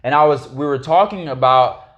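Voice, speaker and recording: A man as a podcast guest, telling a story in a profane, animated way during a casual chat. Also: mid-range voice, moderate pace, highs cut off.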